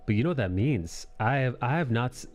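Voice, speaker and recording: Faint music plays behind a man hosting a drawing live stream. This comic artist speaks briskly at medium pitch with lively intonation, rambling, swearing and repeatedly correcting himself in casual chat.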